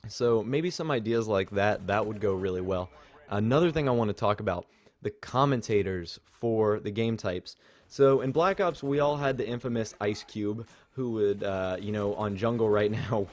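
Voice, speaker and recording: A young man with a voice on the low side speaks at normal speed while commenting on his gameplay. Hosting his gaming channel, he rambles in a casual, chatty manner with fillers, sharing thoughts with his viewers.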